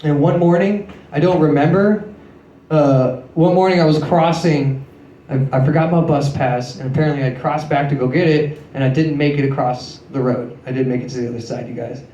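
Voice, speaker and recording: On stage at a comedy club, a man in his late twenties speaks at normal speed with a fairly high but dark, steady voice. He tells crude, self-mocking stories and swears often into a handheld mic, and the audio from the echoey room is dull.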